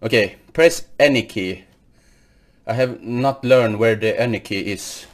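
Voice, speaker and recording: A man's voice: medium pitch, unhurried. A man hosting a horror game playthrough, jumpy and nervous, repeating greetings and swearing when startled while claiming he is not scared. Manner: keeps insisting he is not scared. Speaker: gaming video host. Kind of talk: horror game let's play commentary.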